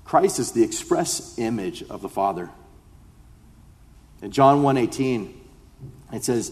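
A male pastor reading scripture aloud and explaining it in a conversational sermon, building to impassioned appeals. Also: mid-range voice. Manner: reads scripture then explains it conversationally, rising to impassioned pleas. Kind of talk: expository sermon. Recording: long hall reverb.

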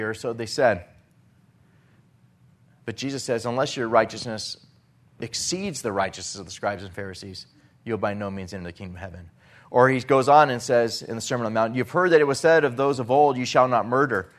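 A man's voice: mid-range voice, brisk. A man preaching a sermon, earnest and building to emphatic peaks when he quotes scripture.

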